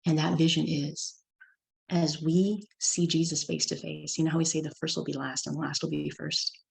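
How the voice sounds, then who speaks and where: Gravelly middle-aged woman from california telling a family story to a group, does her kid's lines. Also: deep voice, level tone, moderate pace, poor audio. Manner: warm storytelling, acts out child's lines. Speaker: guest speaker. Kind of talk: personal testimony talk.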